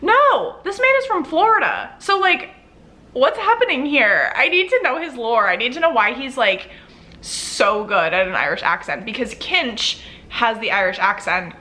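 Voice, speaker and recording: Lively, bright-voiced young woman chatting about books. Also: fairly high pitch, normal speed. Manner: chatty and gushing, many "like" fillers. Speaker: book vlogger. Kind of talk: casual chat to camera.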